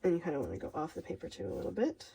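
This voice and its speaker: A woman's voice: fairly low pitch, very animated, very fast, vocal fry, dark tone, a little hiss or hum, rough recording. A woman with a Minnesotan accent, talking casually through a stamping craft tutorial in a chatty, rambling way, often laughing at herself. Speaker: craft demonstrator.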